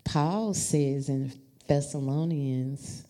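A woman preaching a storytelling sermon, talking to the congregation in an animated, familiar way. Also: extremely low pitch, extremely slow. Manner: animated, addresses the congregation as y'all.

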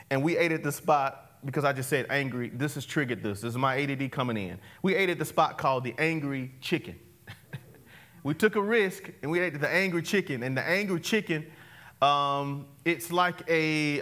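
A male pastor with a slightly high voice preaches an interactive call-and-response sermon, swinging from loud to hushed and laughing often.

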